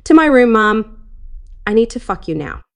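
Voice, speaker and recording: A woman's voice: a little high, sing-song, moderate pace, gravelly, pitched above the performer's own voice. An eager young woman lover, as a woman narrator reads her.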